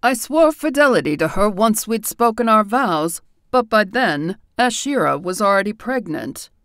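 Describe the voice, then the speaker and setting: A woman putting on a tired older faerie king, lowering her voice and speaking out firmly and gravely in an audiobook reading. He sounds like a regretful father laying out an old secret, in a dry, close recording. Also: expressive, moderate pace, fairly bright tone, dry recording. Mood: solemn. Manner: grave, confessional storytelling.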